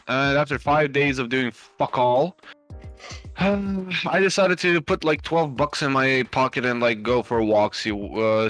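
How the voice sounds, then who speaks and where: A man's voice: mid-range voice, a bit bright. A man casually telling a long anecdote on a live stream, rambling with lots of fillers and restarts and swearing freely. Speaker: stream host.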